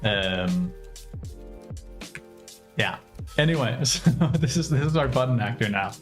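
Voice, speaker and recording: A man's voice: medium pitch, animated, a little slow, fairly bright tone, faint music behind. A young American man casually thinking aloud while programming on a livestream, with many fillers. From United States. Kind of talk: casual live coding commentary.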